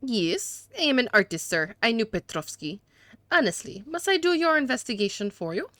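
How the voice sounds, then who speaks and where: Woman putting on a haughty older dandy, bad French accent, bright and dry. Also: a little high, big pitch swings, moderate pace, no room sound. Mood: smug. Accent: attempted French. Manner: haughty, formal. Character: dandified older man, smug and condescending.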